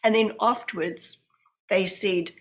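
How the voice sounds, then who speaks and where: A woman's voice: mid-range voice, takes it slowly. A woman in her fifties with a New Zealand accent, a podcast guest telling personal stories and acting out the voices of people she quotes. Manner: animated storyteller, acts out quoted voices. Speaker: guest, medium and hypnotherapist. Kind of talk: storytelling in a podcast interview.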